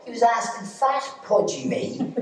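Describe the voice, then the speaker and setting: An Irish man doing live stand-up storytelling in an arts centre, animated and laughing at his own jokes. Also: extremely high pitch, a little slow. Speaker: stand-up comedian. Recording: echoey hall, distant mic.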